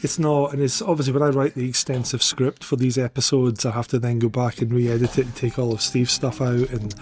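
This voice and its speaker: A man's voice: medium pitch, little pitch movement, brisk, darkish tone, soft background music. A man co-hosting a podcast, talking in an easygoing, dry, joking way. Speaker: podcast co-host. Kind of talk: casual chat.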